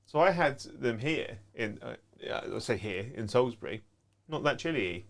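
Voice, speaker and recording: A man with a West Country English accent, co-hosting a live tabletop game stream, jokey and prone to loud outbursts. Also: medium pitch, lively intonation, normal speed. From Somerset, England. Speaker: co-host. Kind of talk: casual banter on a live stream.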